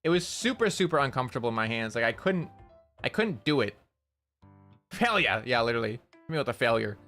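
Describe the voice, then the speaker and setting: Bright, animated streamer recounting an embarrassing tale, repeats lines, middling pitch. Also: a little fast, faint music behind. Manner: animated, repetitive, self-mocking storytelling. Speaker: VTuber streamer. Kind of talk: casual chat stream, storytelling.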